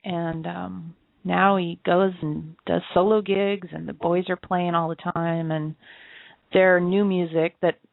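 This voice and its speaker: A woman's voice: lowish voice, little pitch movement, slow, creaky, no echo. A woman co-hosting a talk show, telling personal stories in an easy, musing way and laughing often. Her voice comes through a thin, phone-like line. The sound is close and dry, with no room around it. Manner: reflective storytelling with frequent laughs. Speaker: co-host of an internet radio show. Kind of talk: casual chat. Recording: tinny phone-line audio.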